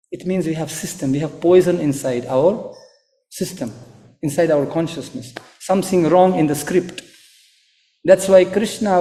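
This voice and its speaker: A man from Ukraine preaching a sermon, animated and acting out quoted voices. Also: a little high. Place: temple hall. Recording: echoey hall.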